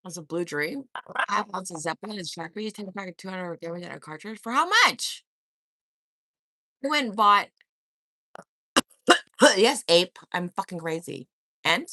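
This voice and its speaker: A woman chatting live from her home with a bright, sharp edge to her voice. Her pitch swings widely as she swears freely, laughs and roasts her viewers in a loose, rowdy way. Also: animated, a little slow, pauses often. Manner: profane, loud, laughs often, teasing. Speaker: livestream host. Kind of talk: casual livestream chat.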